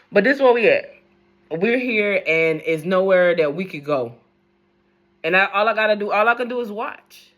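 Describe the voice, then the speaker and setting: A woman's voice: medium pitch, expressive, unhurried, pauses often, a bit bright. Woman, young adult, blunt profane rambling, casual news rant. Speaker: news commentator vlogger.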